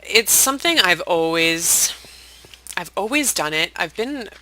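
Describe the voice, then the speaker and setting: Chatty, bright-voiced gaming host. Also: mid-range voice, animated, measured pace, rough recording. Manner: chatty, rambling, self-deprecating; drops to soft whispered asides. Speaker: Minecraft let's-play host. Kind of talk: casual gameplay commentary.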